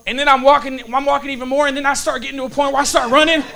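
A man's voice: extremely high pitch, level tone, racing, gravelly, sharp tone, a faint crowd. A man preaching a sermon, telling a story in a folksy, casual way and checking in with the congregation. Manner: storytelling with call-and-response asides.

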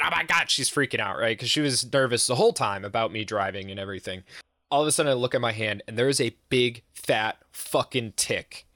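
A man's voice: on the low side, no echo, clean studio sound. A man telling a long road-trip story on a casual podcast, swearing freely and acting out the people he quotes. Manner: profane, animated, acts out quoted voices. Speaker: podcast host.

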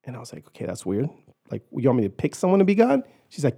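A man guest on a podcast, telling a personal story in an animated way and acting out the voices of others. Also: medium pitch, fast talker, gravelly, husky. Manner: animated, acts out quoted voices, shouts in retelling.

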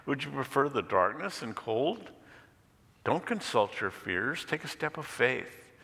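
A man doing a calm, kindly fire-bringing stranger. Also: medium pitch, a little slow, creaky, in a large hall, voice pushed up, full character voice. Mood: reassuring.

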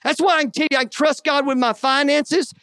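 A man's voice: very high-pitched, steady tone, brisk, bright, forceful tone, no echo, clean studio sound. A man preaching a sermon in a folksy, conversational way, often tossing in "man" and "right?". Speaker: pastor.

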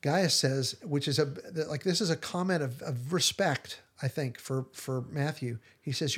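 A man's voice: a little high, a little slow, hardly any pauses, a bit bright, husky. A man hosting a podcast, retelling scenes in casual chat and acting out the quoted lines with animation. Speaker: podcast host.

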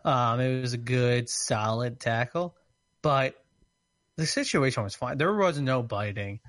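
A man chatting casually on a podcast, telling an animated, joking story. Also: medium pitch, measured pace, no echo, studio quality.

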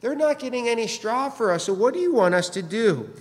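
A man's voice: very high voice, expressive, a little fast, long reverb tail, pitched above the performer's own voice. A man preaching, voicing desperate male foremen who plead and complain about unfair treatment.

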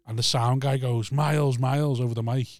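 A man's voice: medium pitch, little pitch movement, brisk, no echo, clean studio sound. A man, hosting a casual chat and rambling through anecdotes with plenty of swearing.

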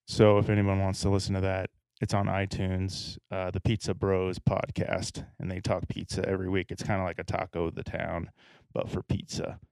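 A man hosting a casual podcast, relaxed and leading the segments. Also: deep voice, moderate pace, gravelly, clear, resonant tone, dry recording. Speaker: podcast host. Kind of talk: casual chat.

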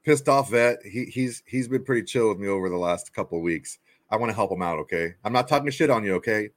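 Laid-back, low-voiced male sports co-host. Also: animated, quick pace, dry recording. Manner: laid-back, laughs often, trails off with fillers. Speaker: podcast co-host. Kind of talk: casual sports chat.

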